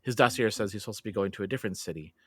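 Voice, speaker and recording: Podcast host, male, deeper register, close dry sound, chatty and animated storyteller. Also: rapid-fire, breathy edge, no echo. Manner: animated storytelling with laughs and filler words. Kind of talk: casual podcast chat.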